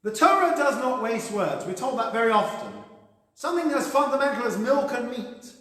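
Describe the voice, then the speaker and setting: Rabbi in an echoing hall. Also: male voice, extremely high pitch, animated, normal speed, fairly bright tone. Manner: storytelling, conversational with a dry joke delivery. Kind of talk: sermon. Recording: echoey hall with long reverb.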